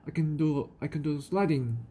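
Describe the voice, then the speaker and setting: A woman's voice: sits low, moderate pace, breathy edge. A woman with a New Zealand accent voicing an eager, pleading little girl witch in a children's picture book read aloud. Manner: pleading, excitable.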